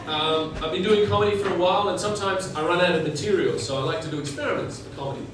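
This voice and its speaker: High-voiced male comic with a deadpan delivery. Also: fast, few pauses. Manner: deadpan joke delivery, chatting with the front row. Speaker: stand-up comedian. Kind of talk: stand-up set. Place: comedy bar venue, indoors. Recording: echoey, distant, noisy room recording.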